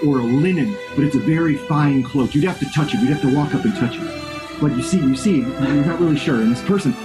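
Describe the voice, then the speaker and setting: A man playing a tabletop game, joking around in character and repeating himself for effect. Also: a little high. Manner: jokey, exaggerated, repeats himself. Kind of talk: playful in-character banter.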